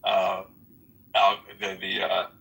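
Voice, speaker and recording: A man hosting a casual online chat, talking haltingly and often repeating his words. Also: deep voice, completely flat delivery, gravelly, fairly bright tone, recorded from a distance, rough recording.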